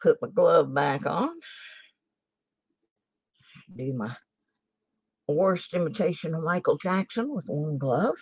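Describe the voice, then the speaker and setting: A woman's voice: low voice, lively intonation, slow, long pauses, darkish tone, husky, no echo, highs cut off. An older woman hosting a casual livestream, chatting and muttering asides to herself at her desk while she sorts coins. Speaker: channel host, coin roll hunter. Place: home desk in a small town.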